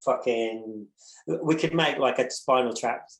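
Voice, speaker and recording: A man tells a chaotic tour story, his pitch sitting at a plain middle. He rambles, restarts, and swears casually. His voice sounds roomy and echoey. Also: measured pace. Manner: rambling, profane, animated storyteller with many restarts. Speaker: podcast guest, musician. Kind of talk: casual anecdote telling.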